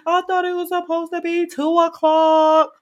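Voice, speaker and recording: A woman voicing a flustered, prim female therapist in an exaggerated, high, gushing tone. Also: level tone, normal speed, lo-fi sound.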